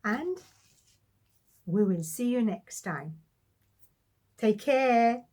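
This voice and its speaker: A woman leads a children's phonics lesson at a very slow, deliberate pace. Her voice is breathy, and her pitch sits fairly high. It rises and falls in a lively way as she stretches each sound for the children to repeat. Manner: slow, sound-by-sound modelling with encouraging praise. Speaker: phonics teacher.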